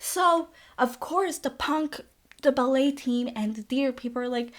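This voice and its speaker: A woman's voice: fairly high pitch, moderate pace. Chatty young woman recapping a movie. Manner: sarcastic, chatty, says like a lot. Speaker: podcast host.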